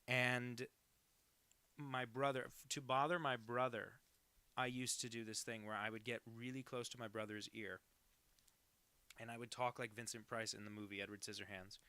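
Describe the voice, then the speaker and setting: A man's voice: medium pitch, flat delivery, normal speed, bright, forceful tone, clean tone. A cartoonist talking casually on a live stream, rambling and joking as he reads out chat messages.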